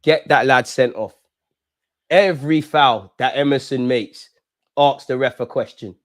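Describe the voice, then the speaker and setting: A young man hosting a live football watch-along, animated and talking straight to the players and referee. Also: medium pitch, a little slow, no room sound.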